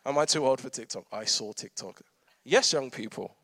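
A man's voice: mid-range voice, huge pitch swings, takes it slowly, pauses often, a bit bright, dry recording. A man, preaching a conversational sermon with humorous asides and frequent laughter. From London. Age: 30s.

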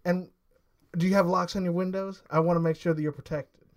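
A man's voice: sits high, fairly even intonation, fairly quick. A man playing a glib con-man salesman. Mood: wheedling. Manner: glib, wheedling sales patter. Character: smooth-talking male con man, pushy salesman.

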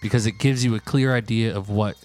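A man with a low voice co-hosts a relaxed podcast, chatting loosely with plenty of fillers. He rambles and reads passages aloud. Soft music sits faintly behind him. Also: brisk. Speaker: podcast co-host. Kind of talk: casual group chat.

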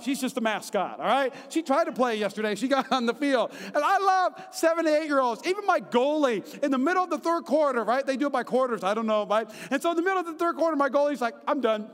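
A man in his thirties preaching a sermon in a lively, conversational way, often checking in with the congregation. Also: extremely high pitch, fast, few pauses. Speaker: pastor. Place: church hall. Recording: long reverb of a large hall.

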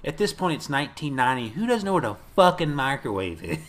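A man's voice: a little high, quick pace. A man casually recapping a movie with a co-host, swearing and acting out the characters' lines. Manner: profane, animated retelling with quoted voices. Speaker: podcast co-host.

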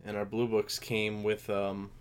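A man's voice: lowish voice, completely flat delivery, a little slow, slight background noise. A man in his twenties co-hosting a casual podcast chat, loose and blunt with lots of "like". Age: 20s. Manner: loose and blunt, peppered with 'like'. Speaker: podcast co-host.

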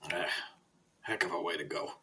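A man's voice: low-pitched, normal speed, sharp tone, a little hiss or hum, voice pushed down. A man voicing a tiny, eccentric old male librarian who is crass and rambling.

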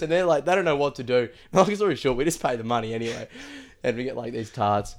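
A man's voice: fairly high pitch, animated, fast, few pauses. A man telling a long story in casual chat, rambling with many fillers and acting out quoted lines. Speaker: podcast host telling a story.

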